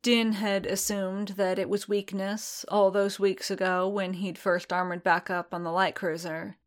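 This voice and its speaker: A woman reading fiction aloud in an even, measured narration. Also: mid-range voice. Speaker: reader.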